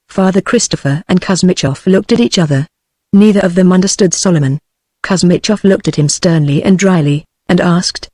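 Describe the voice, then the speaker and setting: A British-accented woman's text-to-speech voice reading a storybook aloud in an even, flat manner. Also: on the low side, moderate pace, no echo. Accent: British English. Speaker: audiobook narrator.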